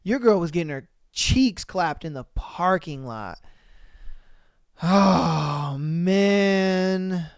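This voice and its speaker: A man hosting a podcast, reacting to stories in casual, slangy talk and breaking into loud exclamations. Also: high-pitched, expressive, drawn-out words, gravelly, smooth, dry recording, clean studio sound. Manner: exclaiming, slangy, calls listeners bro. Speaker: podcast host.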